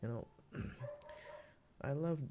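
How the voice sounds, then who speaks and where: A man producing music, walking through his own beat in a relaxed, rambling way, with many fillers and restarts. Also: slow pace. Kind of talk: casual screen-recorded tutorial.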